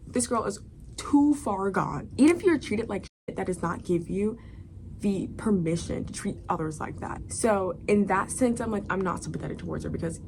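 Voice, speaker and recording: A woman's voice: medium pitch, a little hiss or hum. A woman reviewing a book in a casual chat, rambling with lots of fillers and dramatic asides.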